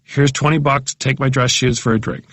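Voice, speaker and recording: A man's voice: medium pitch, steady tone, normal speed, fairly bright tone, no echo. A man reading humorous personal essays aloud as an audiobook, in a wry, self-mocking, conversational way.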